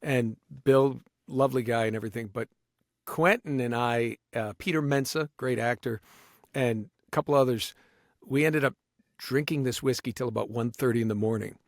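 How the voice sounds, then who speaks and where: A man of middle pitch spins a story as a podcast guest, animated and full of restarts. His voice sits close and dry on the mic, with no room around it. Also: normal speed, dry recording. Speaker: guest voice actor. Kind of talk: casual anecdote telling.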